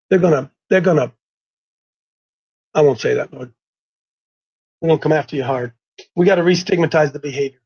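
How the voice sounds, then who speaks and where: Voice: medium pitch, breathy edge. A preacher delivering a blunt sermon, mocking opponents and repeating points for emphasis. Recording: dull lo-fi recording.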